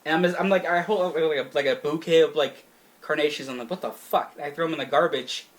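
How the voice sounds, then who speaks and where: A young man spins a crude anecdote on a casual podcast, swearing and laughing as he goes. His voice sits a little high for a man and comes across close to the mic. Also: fast. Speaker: podcast co-host. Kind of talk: casual chat.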